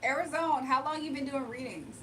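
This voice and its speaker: A young woman hosts a casual livestream where she gives spiritual readings, chatting with viewers, reading their comments aloud and laughing often. Her voice is high, fairly quick and a bit bright, picked up from far from the mic with a little hiss or hum.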